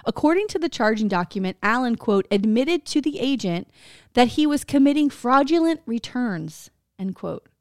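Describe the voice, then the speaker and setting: Young female podcast co-host from Florida, fast profane banter, raised voice, close dry mic. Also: a little high, no room sound. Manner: profane, animated, laughs often. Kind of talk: casual chat.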